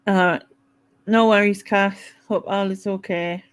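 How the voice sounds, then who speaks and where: A woman with a Mackem accent hosts a casual live chat stream. She talks loosely and warmly with a co-host, laughing often as she reads out viewer comments. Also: mid-range voice, fairly even intonation, slow, smooth. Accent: Mackem (Sunderland). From North East England.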